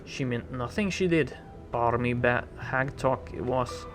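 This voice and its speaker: A man reading the lines of a prickly young tiefling woman in a role-playing game, speaking them louder and with blunt, folksy phrasing. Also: mid-range voice, unhurried, lightly acted. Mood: dismissive. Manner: blunt, folksy talk with a dropped "ya". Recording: game music playing behind.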